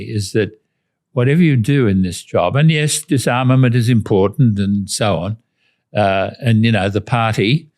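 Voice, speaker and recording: An older Australian man, a retired diplomat, recounting anecdotes in an interview in a measured way with restarts. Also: fairly low pitch, a little mellow. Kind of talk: interview storytelling.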